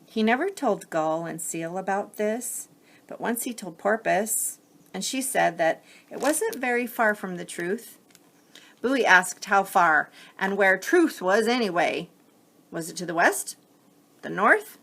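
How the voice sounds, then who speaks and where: A woman reading a picture book aloud to children as a teacher, gently pausing to explain the story. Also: medium pitch, lively intonation, gravelly.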